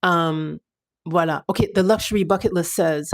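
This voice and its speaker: Chatty woman hosting a livestream. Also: lowish voice. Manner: chatty and animated, quick asides. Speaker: livestream host. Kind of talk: casual live chat.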